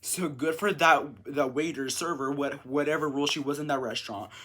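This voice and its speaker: A man's voice: on the high side, fairly quick, pushed and bright. A man vlogging casually, reading out a reader's story and reacting to it in a chatty way with many "like" fillers. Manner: chatty, full of "like" fillers, reacts and reads stories aloud.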